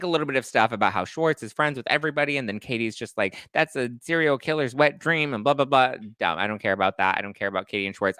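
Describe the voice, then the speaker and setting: Young male host, bright, forceful voice, sassy animated recap, dry close sound. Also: lowish voice, dry recording. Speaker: podcast host. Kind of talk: casual live recap chat.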